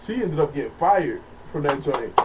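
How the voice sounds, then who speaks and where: A man with a slightly high voice tells a story in an easygoing, lively way and laughs a lot as he goes. He speaks a little away from the mic, with a faint hiss underneath. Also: normal speed. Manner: laughs often, tells stories animatedly. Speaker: podcast co-host. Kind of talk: casual storytelling chat. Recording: distant mic with faint background noise.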